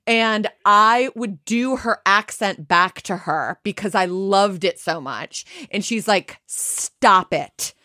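A woman's voice: medium pitch, takes it slowly, hardly any pauses, bright, forceful tone, no echo, clean studio sound. A woman from Chicago co-hosting an interview podcast, gushing and teasing her guest in casual chat. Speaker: podcast co-host.

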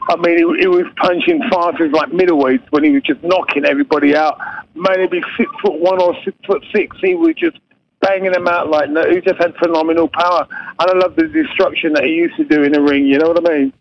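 Gravelly-voiced man on a dull line. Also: fairly high pitch, steady tone, fast. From England. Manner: laughs easily, repeats himself. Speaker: guest boxer. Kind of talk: casual interview chat. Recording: dull lo-fi line, faint noise.

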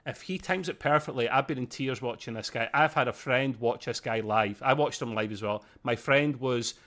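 A man's voice: mid-range voice, moderate pace, a bit bright. A man co-hosting a podcast, telling a story in a chatty, self-deprecating way. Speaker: podcast co-host. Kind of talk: casual review chat.

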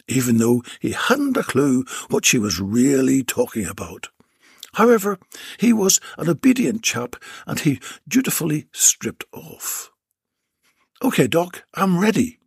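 Slow, breathy man narrating a comic audiobook, close dry mic. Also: medium pitch, wildly swooping pitch, dry recording.

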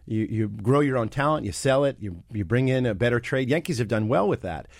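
A man co-hosting a podcast, talking sports casually and excitedly, with frequent restarts and jumps in pitch for emphasis. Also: a little fast, gravelly, no room sound, clean studio sound. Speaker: podcast co-host.

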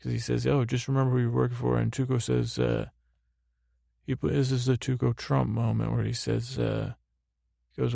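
Slow rambling man with gravelly fry. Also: mid-range voice, little pitch movement, warm tone, no room sound, studio quality. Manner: meandering, slow, full of fillers and restarts. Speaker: podcast host. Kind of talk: rambling bedtime recap.

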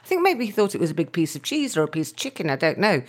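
Woman, low husky voice, lively pitch, casual chat, animated storyteller. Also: racing. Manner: animated storyteller, breaks into a bossy posh shouting voice.

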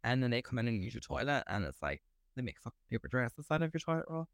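A man's voice: medium pitch, very animated, quick pace, a bit bright, no room sound, clean studio sound. A man co-hosting a podcast, talking animatedly and swearing freely between laughs. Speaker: podcast co-host. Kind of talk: casual chat.

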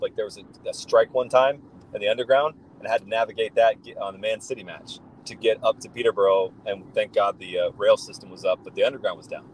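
A man with a fairly low voice chats casually on a podcast. He tells long, enthusiastic stories, loose and full of "uh" and "you know". A faint hiss sits under his voice. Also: fast, poor audio. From United States. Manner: rambling, enthusiastic storytelling with many fillers. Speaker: guest, football fan.

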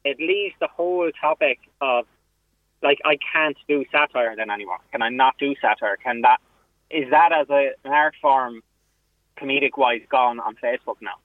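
A man's voice: mid-range voice, normal speed, dry recording. A man, a comedian, calling in to a radio show and talking in a rambling, self-mocking way with many restarts. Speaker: comedian on a phone-in. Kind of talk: casual radio phone interview. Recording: tinny phone line, dry.

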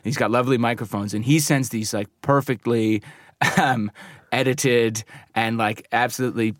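A man's voice: medium pitch, fairly even intonation, normal speed, dry recording. A man, a recording engineer telling studio stories in a casual interview, with many restarts and asides. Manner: rambling anecdotes with laughs and restarts. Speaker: recording and mixing engineer, guest.

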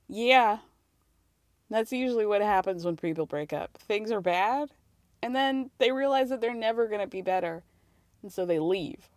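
A woman's voice: mid-range voice, animated, a little slow, pauses often, no room sound. A woman hosting a podcast, recapping a reality show in a sarcastic, casual way and laughing often. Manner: sarcastic, laughs often, acts out quotes in mocking voices.

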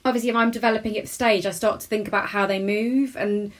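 A woman talks in a loose, rambling way as an interview guest. She sounds chatty and a little self-deprecating. Her voice sits at a middling pitch for a woman. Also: steady tone, fast. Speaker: character comedian guest. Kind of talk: casual interview chat.

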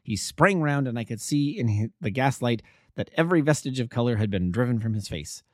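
An amateur male narrator reading a classic detective story aloud, in a measured storytelling manner. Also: mid-range voice, animated, no echo, studio quality. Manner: measured storytelling, voices the characters.

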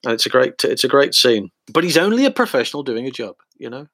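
Animated storyteller, dry sound. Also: male voice, mid-range voice, quick pace, dry recording. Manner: animated storyteller who acts out quoted voices. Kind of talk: casual chat.

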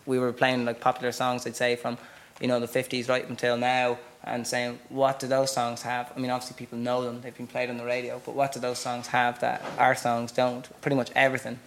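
A man's voice: mid-range voice, monotone, fairly quick, a bit bright. A musician, a man, chatting on stage in a hesitant way, with many fillers and easy laughs. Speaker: musician guest. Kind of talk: casual chat on stage.

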